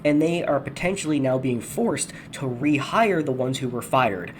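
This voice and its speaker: A man's voice: mid-range voice, animated, normal speed, a little hiss or hum. A man hosting a ranting video commentary, angry, sarcastic and profane. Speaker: commentary host.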